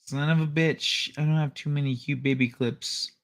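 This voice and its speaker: A middle-aged man with a slightly high voice and fairly level intonation talks at a normal speed. He's hosting a late-night livestream, chatting loosely with his viewers, joking and swearing freely as he plays off the chat.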